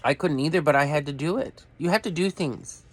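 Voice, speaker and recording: The clip has a little hiss or hum as a middle-aged vlogger talks briskly in a voice on the high side. His rant to camera is profane and blunt, and he keeps drifting away from the subject.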